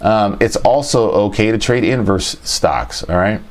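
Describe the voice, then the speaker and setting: A man's voice: on the low side, unhurried. A man hosting a casual livestream chart review, thinking aloud, repeating his phrases and talking to his chat. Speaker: trading show host.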